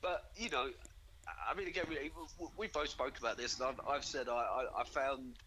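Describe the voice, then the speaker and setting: A man's voice: animated, a little fast, sharp tone. A man co-hosting a casual podcast by phone, stumbling over repeated words as he rambles. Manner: repeats words when starting sentences, rambling. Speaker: podcast co-host. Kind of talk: casual chat. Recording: low phone-call audio with faint noise.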